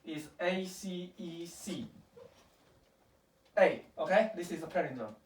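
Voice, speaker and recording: A woman's voice: on the low side, slow, darkish tone. A woman teaching programming to a child at home, patient and questioning, checking often that she is understood. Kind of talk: casual home coding lesson. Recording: echoey room, far from the mic.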